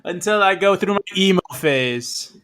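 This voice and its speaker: Bright-voiced enthusiastic male podcast co-host. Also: high-pitched, lively intonation, clear, resonant tone. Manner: enthusiastic, swearing, quick jokes. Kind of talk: casual podcast chat.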